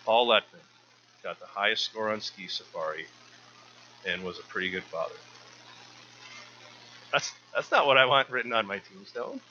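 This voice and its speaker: A man's voice: lowish voice, moderate pace, long pauses, pushed and bright, highs cut off, a little hiss or hum. A man giving an informal sermon to his church, earnest and often repeating words as he restarts. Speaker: church speaker.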